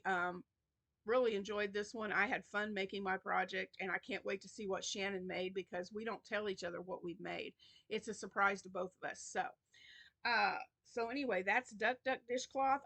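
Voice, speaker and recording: A woman's voice: medium pitch, a bit bright. A woman hosting a crochet channel in a casual vlog, chatty and rambling with many restarts, tired and yawning.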